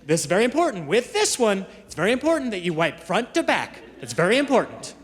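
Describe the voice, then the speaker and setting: A man's voice: sits high, big pitch swings, fast talker. A man playing a solemn, serious little boy. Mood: earnest. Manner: solemn, instructive. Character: earnest little boy, matter-of-fact and serious. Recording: live stage with hall reverb and audience noise.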